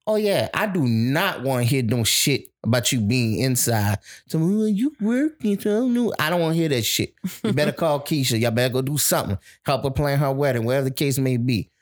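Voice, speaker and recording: Blunt, profane man chatting casually. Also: medium pitch. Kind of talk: casual couple chat.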